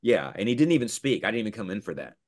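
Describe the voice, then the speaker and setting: A middle-aged male voice actor chats in a casual interview, his voice sitting a little low. He tells stories with energy, popping into quick character voices. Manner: animated storyteller, slips into character voices. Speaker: voice actor guest.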